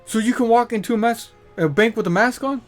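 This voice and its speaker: A man's voice: brisk, faint music behind. A man putting on the voice of an agitated stranger who rants, accuses and repeats himself. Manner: shrill, accusing, badgering.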